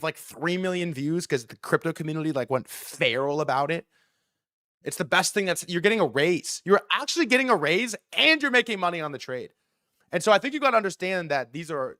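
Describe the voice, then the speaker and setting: A man hosting a live market stream, ranting fast and heatedly with frequent swearing. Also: fairly high pitch, no room sound, clean studio sound. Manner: fast, excitable delivery. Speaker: livestream host.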